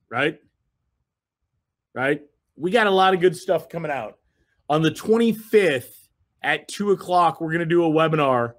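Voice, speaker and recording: Enthusiastic man hosting a group call. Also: on the high side. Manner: enthusiastic, repetitive, rambling with fillers. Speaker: host of a group video call. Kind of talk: casual motivational talk.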